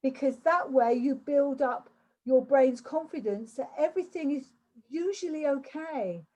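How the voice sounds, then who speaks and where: A woman's voice: high voice, a little slow, dark tone, lo-fi sound. An older woman from England giving a chatty online workshop talk over a video call, often repeating words and restarting. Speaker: workshop speaker.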